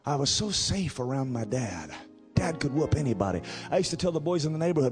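A middle-aged male pastor preaching a sermon, building to drawn-out shouted emphasis. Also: fairly high pitch, big pitch swings, music in the background.

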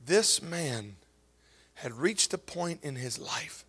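A man preaching a sermon as pastor, swinging from hushed whispers up to shouted, tearful peaks. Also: mid-range voice, expressive, slow, creaky, husky.

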